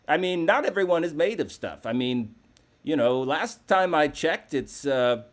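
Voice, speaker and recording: Brash, lively-voiced male comedy host. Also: mid-range voice. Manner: brash, profane, rambling. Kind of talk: live call-in comedy show.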